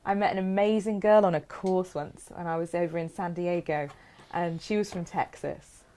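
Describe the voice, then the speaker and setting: A woman's voice: lowish voice, fairly even intonation, normal speed, dark tone, slight background noise. An English woman co-hosting a live sewing show, chatting casually and giggling as she reads out viewer comments. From England. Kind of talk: casual live-stream chat.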